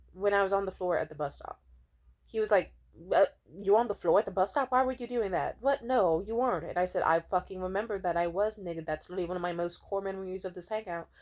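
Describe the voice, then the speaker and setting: A woman's voice: medium pitch, darkish tone. Profane young woman ranting heatedly. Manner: fast, profane, heated storytelling with quoted dialogue. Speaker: vlogger. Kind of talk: venting rant to camera.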